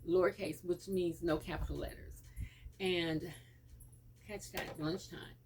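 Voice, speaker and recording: A woman's voice: lowish voice, measured pace, noisy background. A woman hosting a casual lunchtime vlog from her home, eating and telling stories in a chatty way through the camera mic. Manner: chatty storyteller, animated when quoting others.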